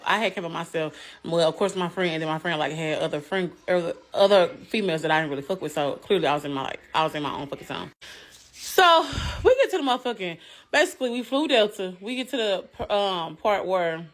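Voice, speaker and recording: A woman telling a story in a casual, profane and animated way. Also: medium pitch.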